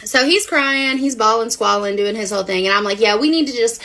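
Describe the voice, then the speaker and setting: A woman's voice: high voice, lively intonation, brisk, hardly any pauses, bright, forceful tone, slight background noise. A young woman frankly retelling a personal story, acting out the voices of the people in it. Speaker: woman telling her story on video.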